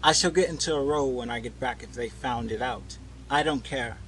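A man voicing a lively, curious young girl in a storybook reading, speaking eagerly and a little haughtily. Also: mid-range voice, normal speed, a little hiss or hum, lightly acted, poor audio. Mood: proud.

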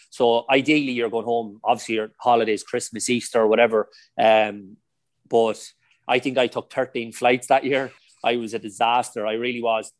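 A middle-aged man with an Irish accent spins long, chatty stories in a relaxed interview. His delivery is anecdotal and loose, sprinkled with "like" and "you know". The sound is dry and close, with no room echo. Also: mid-range voice. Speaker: podcast guest, former footballer. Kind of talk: casual storytelling interview.

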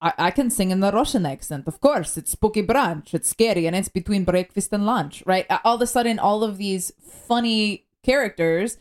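A woman co-hosting a podcast in casual chat, animated and slipping into playful voices when she quotes herself. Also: medium pitch, moderate pace, few pauses. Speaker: podcast co-host and professional vocalist.

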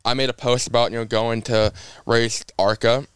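Young man telling racing stories, smooth voice. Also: medium pitch, normal speed, dry recording. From Indiana. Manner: lively storyteller who acts out quotes. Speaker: race car driver, podcast guest. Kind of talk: casual podcast storytelling.

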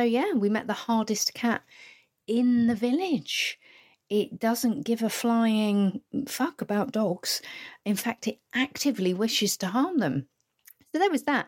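A woman hosting a casual solo podcast, telling wry, sweary anecdotes and acting out the quotes. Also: fairly high pitch. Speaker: podcast host.

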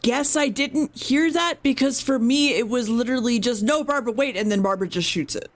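A woman with a fairly high voice chats casually on a podcast, retelling what happened in an episode. She rambles, swears freely and keeps correcting herself mid-sentence. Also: brisk. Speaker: podcast co-host recapping an episode.

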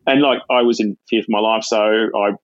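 A middle-aged Australian man speaks low and flat, halting, with fillers and false starts. His voice sounds dry and a bit muffled, with no room around it. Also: no room sound. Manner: halting, many fillers and restarts. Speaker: retired police sergeant, guest. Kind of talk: casual personal storytelling.

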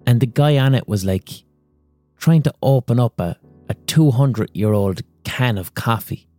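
A man's voice: mid-range voice, lively intonation, normal speed, dark tone, no echo, faint music behind. An Irish man hosting a podcast, delivering a rambling, profane comic monologue. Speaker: podcast host.

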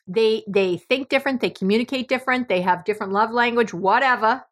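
A middle-aged New Yorker with a strong local accent hosts a podcast, delivering a blunt, emphatic monologue and swearing freely. She speaks quickly in a slightly high voice.

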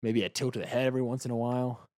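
A man narrating as game master in a casual tabletop game, halting with many fillers. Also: medium pitch, fairly even intonation, a little mellow.

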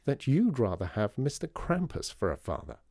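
A man voicing a stern older woman, a family friend who scolds and then turns gentle. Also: mid-range voice, wildly swooping pitch, moderate pace, no room sound, studio quality, pitched above the performer's own voice.

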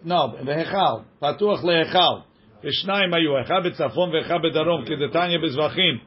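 Fast-talking man teaching a text class. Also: on the high side, crowd noise. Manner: reads quickly and translates line by line, joking with students. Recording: dull lo-fi recording.

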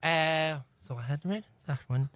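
A man's voice: on the high side, moderate pace, fairly bright tone, no room sound. A young man chatting as a podcast guest, telling his stories with lots of giggling and animation. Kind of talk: casual podcast chat.

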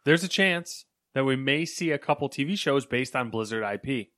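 A man's voice: medium pitch, animated, moderate pace, a bit bright, no echo, clean studio sound. A young man co-hosting a casual podcast, reading gaming news items aloud with frequent ums and chatty asides.

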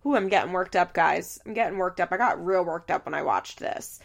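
A woman's voice: lowish voice, a little fast, creaky. A young woman giving heated, exasperated casual commentary, full of "like" fillers and swearing. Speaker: reality TV commentator.

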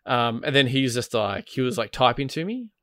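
A man's voice: mid-range voice, lively intonation, moderate pace, fairly bright tone, no room sound, studio quality. A man chatting casually about a game, rambling, laughing and swearing, full of fillers. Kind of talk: casual gaming chat.

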